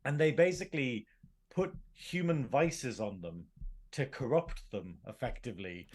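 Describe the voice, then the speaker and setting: A young man on a podcast talking at a middling pitch for a man. His speech rambles through long, filler-heavy explanations in an easy conversational way. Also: a little mellow. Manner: rambling, stacks "basically" and "like", laughs often. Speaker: podcast co-host. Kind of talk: casual chat.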